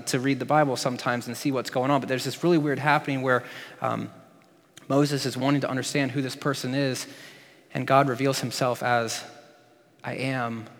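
A male pastor preaches in a middle-pitched voice with a playful, joking streak. His words ring out with a long reverb off the hall around him. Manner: jokey, playful asides. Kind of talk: sermon.

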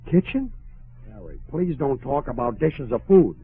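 A man's voice: medium pitch, very animated, moderate pace, breathy edge, heavily acted. A man playing a starving, put-upon husband, whiny and exasperated, in 1940s radio sitcom acting. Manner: whiny, exasperated, comic pleading. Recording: tinny old radio broadcast.

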